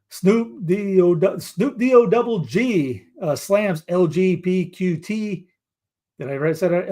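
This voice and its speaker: A man's voice: fairly high pitch, darkish tone. Rambling man reading headlines. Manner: rambling, with restarts and asides. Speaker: commentary show host. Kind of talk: casual news commentary, reading headlines aloud.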